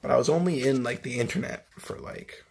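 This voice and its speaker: Gravelly-voiced man rambling through a story. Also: mid-range voice, a little fast, a little mellow. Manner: rambling, heavy swearing and filler words. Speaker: vlogger recounting a dream. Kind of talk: casual storytelling monologue.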